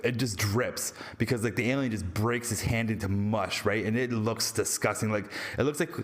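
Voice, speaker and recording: Rambling, excitable Canadian man reviewing a movie. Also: lowish voice, moderate pace. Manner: rambling, excitable, swears freely, laughs often. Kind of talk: casual spoiler movie review.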